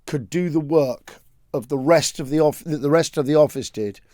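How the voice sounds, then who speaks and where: High-voiced rambling male podcast host. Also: normal speed, dry recording, clean studio sound. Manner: rambling, animated joke-teller. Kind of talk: casual storytelling chat.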